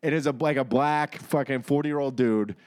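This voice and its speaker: A man's voice: mid-range voice, moderate pace, a little mellow, smooth. A young man in casual podcast chat, joking around and swearing as he tells an awkward story. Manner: joking, interjects, swears freely.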